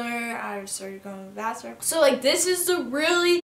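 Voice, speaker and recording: A woman's voice: a little high, brisk, few pauses, fairly bright tone, roomy sound. A young woman vlogger telling a storytime in a rambling, emotional way, full of "like". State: shaky. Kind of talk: storytime vlog. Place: apartment room. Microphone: camera mic.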